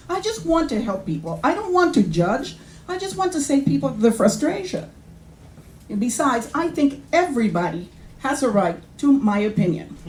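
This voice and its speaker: A woman's voice: fairly high pitch, a little mellow, slight background noise. A middle-aged woman doing a wry, self-mocking stand-up comedy set on a club stage. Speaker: stand-up comic. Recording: echoey live club recording.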